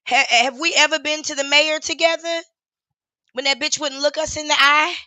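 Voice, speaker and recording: A woman's voice: high-pitched, steady tone, normal speed, bright, forceful tone, no room sound, low-quality recording. A woman hosting a casual live stream as an activist, talking candidly and emotionally, swearing freely and laughing often. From Charlotte, USA. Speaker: livestream host and activist.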